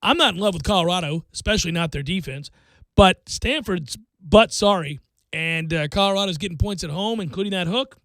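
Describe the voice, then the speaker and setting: Animated high-voiced sports radio host. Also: male voice, fairly quick, no echo. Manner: animated, jokey, breaks into mock singing. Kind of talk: sports betting picks talk.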